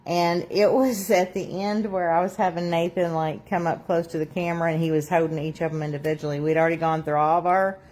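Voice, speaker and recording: A woman's voice: on the low side, little pitch movement, a little fast, few pauses, a little mellow. A woman hosting a live crafting stream, chatting casually, laughing often and reading out viewer comments. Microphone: phone on a tripod.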